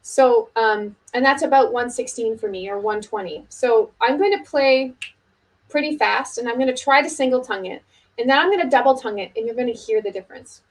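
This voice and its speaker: A middle-aged woman teaching oboe technique in a relaxed video lesson, talking casually with many fillers and restarts. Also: fairly high pitch, a little fast, rough recording.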